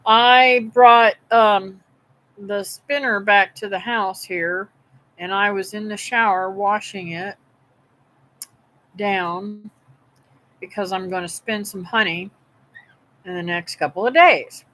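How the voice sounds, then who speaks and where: Lady rambling on a home livestream, bright kinda sharp voice, folksy storytelling. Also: medium pitch, fairly even intonation, takes it slowly, pauses often, low-quality recording. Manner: chatty, folksy, meandering. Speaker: homestead livestream host. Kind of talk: rambling live-stream storytelling. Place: her home, indoors.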